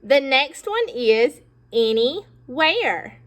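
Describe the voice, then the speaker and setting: A woman teacher giving a phonics lesson to young children, slow and encouraging, pausing for them to repeat words. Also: sits high, sing-song. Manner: slow, encouraging, with pauses for pupils to echo.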